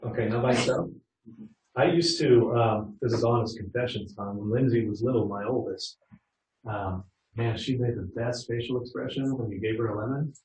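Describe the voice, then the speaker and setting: A man's voice: medium pitch, normal speed, darkish tone, slight background noise. A middle-aged man leading a customer service workshop, chatting with the audience and asking them questions. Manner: conversational, asks the audience questions. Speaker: workshop leader. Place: training room. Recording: roomy echo from a distant mic.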